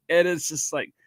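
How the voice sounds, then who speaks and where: A man's voice: on the high side, a bit bright, slightly rough, no echo. Chatty male podcast host, dry sound. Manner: enthusiastic, chatty, quick to laugh. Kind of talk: casual interview chat.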